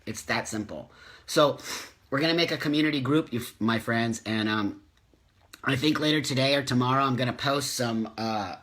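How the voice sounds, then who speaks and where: A man's voice: mid-range voice, normal speed, a bit bright. A middle-aged man hosting a live community video chat, talking casually and reading viewer comments, passionate and emotional as he rants. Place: home, live stream.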